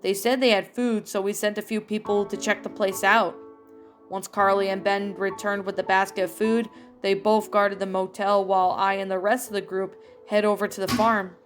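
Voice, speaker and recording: A woman's voice: mid-range voice, little pitch movement, normal speed, faint music behind, natural voice. A woman reading a fan story aloud, voicing a tough young woman survivor who is grieving. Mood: recounting.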